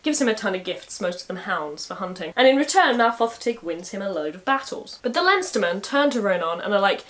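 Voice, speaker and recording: A woman's voice: mid-range voice, sing-song, fairly quick, few pauses, fairly bright tone. A woman retelling a medieval saga in a casual way, with wry, sarcastic asides. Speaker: storyteller.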